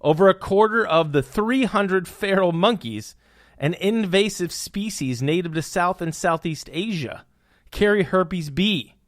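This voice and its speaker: A man's voice: high-pitched, measured pace, no echo, clean studio sound. A young man hosting a podcast, riffing on news with puns and hyped, jokey asides. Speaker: podcast host. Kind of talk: comedic news commentary.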